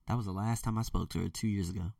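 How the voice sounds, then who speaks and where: A man's voice: lowish voice, steady tone, rapid-fire, creaky, mellow, no echo, clean studio sound, distant mic. A man telling a candid, rambling personal story in a vlog, sometimes mimicking others. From United States. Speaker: vlogger.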